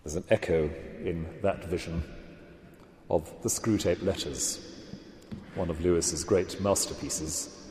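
Deep-voiced man lecturing in an echoey hall. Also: steady tone, mellow, a little hiss or hum. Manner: measured, reflective, emphatic. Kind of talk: literary lecture with read-aloud passages. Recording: echoey hall with long reverb.

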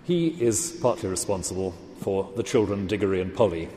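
A man giving a literature lecture, speaking deliberately and with emphasis. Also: sits low, mellow, echoey room, long reverb tail, slight background noise.

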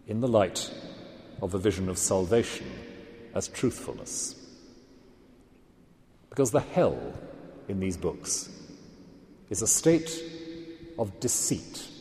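A man giving a literature lecture, speaking deliberately and with emphasis. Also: low-pitched, darkish tone, echoey room, big-room sound.

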